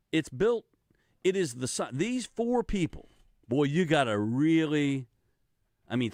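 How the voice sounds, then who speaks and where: A man's voice: fairly high pitch, dry recording, studio quality. An older man hosting a radio talk show, talking casually in a rambling way with many restarts. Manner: rambling, animated, with frequent restarts and laughs. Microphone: studio microphone.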